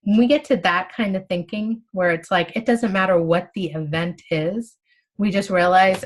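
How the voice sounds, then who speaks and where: A woman's voice: fairly low pitch, normal speed. A woman explaining a spiritual text in a casual, conversational way, acting out inner thoughts as she goes. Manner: animated, conversational, acts out inner monologues. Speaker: spiritual study teacher.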